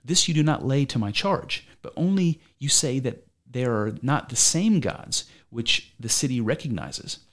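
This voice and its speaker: A man's voice: mid-range voice, lively intonation, unhurried, hardly any pauses. A man reading as an aging philosopher, combative. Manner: argumentative, probing rhetorical questions. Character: aging male philosopher defending himself in court. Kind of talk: amateur dramatic reading.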